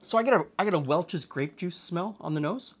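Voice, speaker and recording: A man hosting a cooking show, explaining a blind tasting in a relaxed, plain-spoken way from his studio. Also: on the high side, fairly quick, slight background noise. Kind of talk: casual tasting chat. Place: home studio kitchen.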